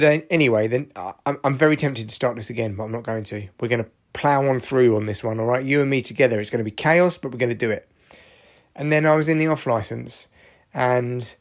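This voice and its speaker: A man in his forties, tired and achy, rambling through a sweary, jokey solo podcast monologue. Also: medium pitch. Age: 40s. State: tired, achy after exercise. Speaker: podcast host.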